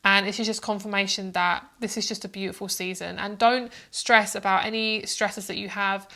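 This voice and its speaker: A woman reading tarot cards for her viewers in a loose, chatty way. She sounds motherly and talks at an easy middle pitch, wandering through her thoughts and circling back on herself. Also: fairly even intonation, normal speed, creaky. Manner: warm, motherly and chatty, calls viewers "my love"; rambling, with many fillers and restarts. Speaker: psychic tarot reader. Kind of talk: casual tarot reading to camera.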